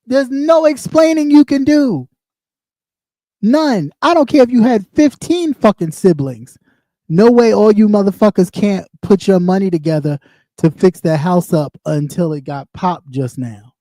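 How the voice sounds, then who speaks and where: A man's voice: high voice, lively intonation, a little slow, warm tone, no echo, studio quality. A man ranting on a livestream, mocking and heated, swearing constantly. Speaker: livestream host. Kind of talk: profane livestream rant.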